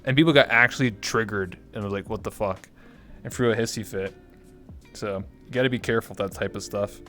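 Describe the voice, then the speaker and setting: A man's voice: fairly low pitch, quick pace, sharp tone, soft background music. Rambling, jokey male streamer. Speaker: livestream host. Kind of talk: casual chat.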